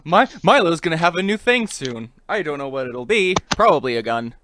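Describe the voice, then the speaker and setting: A man's voice: fairly high pitch, big pitch swings, fairly quick, a bit bright. Playful male player over noisy chat. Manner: playful, joking. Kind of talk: casual chat in a tabletop game session.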